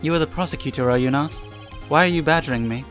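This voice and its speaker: Guy doing a smug scheming woman witness from a game, higher voice, brushing everyone off. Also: fast, a bit bright, faint music behind, lightly acted. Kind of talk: reading game dialogue aloud.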